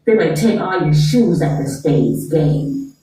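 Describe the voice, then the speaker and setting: A woman's voice: sits low, expressive, a little slow, dark tone, soft background music, pitched below the performer's own voice. A woman voicing a snobbish wealthy mother who scolds and disowns her son. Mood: scornful. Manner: haughty, scolding. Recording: echoey room, far from mic.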